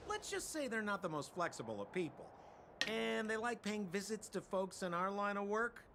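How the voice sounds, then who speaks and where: An actor playing a sly, talkative male smuggler guide in a game cutscene, with smooth salesman patter. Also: high voice, big pitch swings, moderate pace, noisy background.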